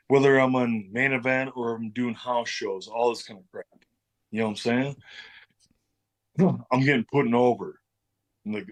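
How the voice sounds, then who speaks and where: A man's voice: medium pitch, rough recording. Loose-talking middle-aged man telling stories. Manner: loose, swearing, acts out quoted dialogue. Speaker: interview guest, former pro wrestler. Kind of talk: casual storytelling interview.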